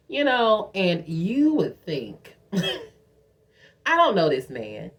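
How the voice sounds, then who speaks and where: A young woman tells a story in a casual vlog. She is animated and profane, and she acts out quotes in a higher voice. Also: unhurried. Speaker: vlogger telling a story.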